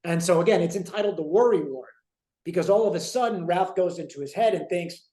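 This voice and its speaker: High-voiced man chatting in an echoey room. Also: fairly quick, mellow. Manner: rambling, many fillers, retelling scenes. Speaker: co-host. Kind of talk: casual chat. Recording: roomy echo.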